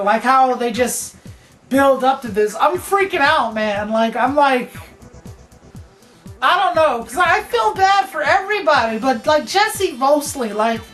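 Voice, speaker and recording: A woman with a high voice gives a loose, excitable spoken review. She rambles and keeps dropping "like" and "man" as she thinks aloud. Faint music plays softly behind her. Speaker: TV episode reviewer.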